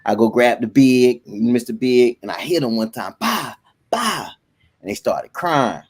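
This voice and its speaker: A man on a talk show, casually telling a family story with animated laughter. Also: mid-range voice, moderate pace.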